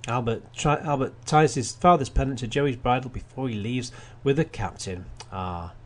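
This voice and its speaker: A man of medium pitch speaks at normal speed on a casual radio film review show. He reads through plot summaries, adds wry asides, and restarts himself often.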